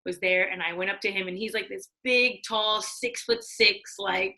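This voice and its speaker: Bright-voiced woman telling animated stories. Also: mid-range voice, moderate pace, poor audio. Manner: animated, acts out quotes, laughs often. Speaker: guest, former studio executive. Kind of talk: casual storytelling.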